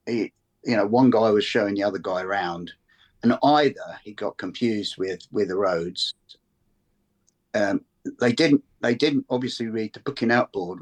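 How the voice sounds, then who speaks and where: An older man, a former military instructor, telling stories in a rambling, casual way, full of restarts, fillers and swearing. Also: fairly low pitch. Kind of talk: casual conversational storytelling.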